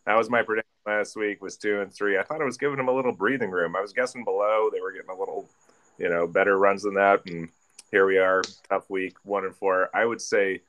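Very deep-voiced rambling sports podcast guy. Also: steady tone, a little fast, fairly bright tone. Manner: rambling, self-correcting, jokey. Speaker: podcast co-host. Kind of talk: casual sports chat.

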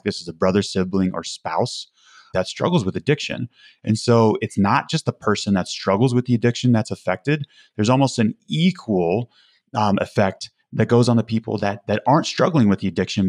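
A man's voice: on the low side, a little mellow, no echo, clean studio sound. A man speaking as a podcast guest, earnest and emphatic, often restarting his sentences. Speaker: podcast guest, recovery community founder. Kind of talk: conversational interview.

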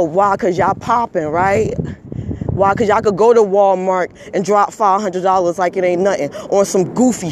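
A man with a very high voice rants into the camera, fired up and scolding. He hammers his points with repetition and drops the odd curse word. Faint noise sits under his voice. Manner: swears when emotional. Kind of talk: heated monologue rant.

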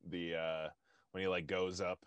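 A man's voice: sits low, flat delivery, moderate pace, smooth, dry recording, highs cut off. A young man co-hosting a podcast, chatting in a laid-back, rambling way with many hesitations. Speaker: podcast co-host. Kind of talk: casual chat.

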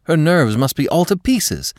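A man hosting a podcast, narrating a classic story in an expressive, dramatic storytelling manner. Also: fairly high pitch, measured pace, dry recording, clean studio sound. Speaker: podcast host and reader.

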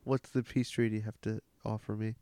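A man's voice: lowish voice, little pitch movement, moderate pace, warm tone, no room sound, studio quality, close to an everyday voice. A man improvising a stubborn, incredulous warrior king in a comedy bit. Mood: indignant. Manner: indignant, mocking.

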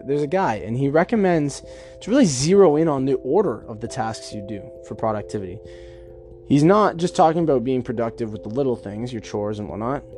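Man, mid-pitched, talking solo on a podcast, chatty and reflective, soft music faintly underneath. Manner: chatty, acts out imagined dialogue. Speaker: podcast host. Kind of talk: casual self-help monologue.

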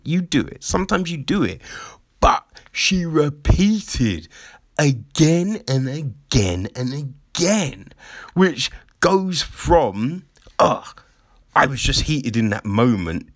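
A man hosts his own show in a loose, rambling monologue, swearing and breaking into laughter. His pitch swings widely while he takes his time with the words. The sound is dry and close. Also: very animated, slow pace, dry recording. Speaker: show host. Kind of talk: casual monologue.

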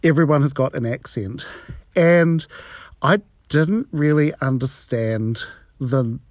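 A man's voice: medium pitch, takes it slowly, no echo, studio quality. A man from New Zealand with a New Zealand accent, telling a personal story in a profane, frank and wry way.

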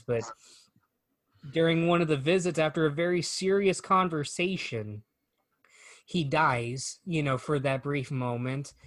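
A man on a casual chat show, recounting scenes at length in an animated, joking way. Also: mid-range voice, dry recording, rough recording. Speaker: podcast co-host.

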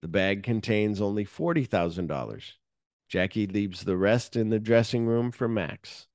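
A podcast host with a lowish voice speaks at normal speed, casually recapping a film plot with lots of fillers and offhand swearing. His animated retelling blends read plot summary with offhand asides. The sound is clean studio audio with no room sound.

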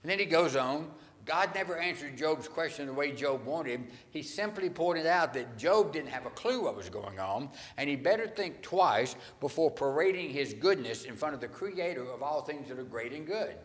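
A man delivers a sermon in an animated, storytelling way. He slips into acted voices for quoted lines and keeps a casual, conversational tone. His voice rings out with long reverb, as in a church hall. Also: fairly high pitch, normal speed. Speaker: pastor.

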